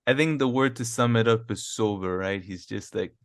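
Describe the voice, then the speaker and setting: Calm man co-hosting a podcast. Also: lowish voice, normal speed, dry recording, clean studio sound. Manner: calm, short backchannels, steers segments. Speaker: podcast co-host. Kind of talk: casual chat.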